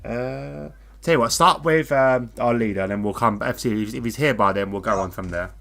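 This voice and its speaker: A man from the United Kingdom giving casual live race commentary, relaxed and joking with his co-host. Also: mid-range voice, normal speed, vocal fry. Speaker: co-commentator of a sim racing league.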